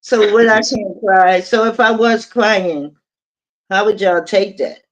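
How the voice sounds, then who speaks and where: Mock-offended woman on a chat panel. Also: medium pitch. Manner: mock-offended, drawn-out protests. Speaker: panelist on a live audio chat. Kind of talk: casual chat.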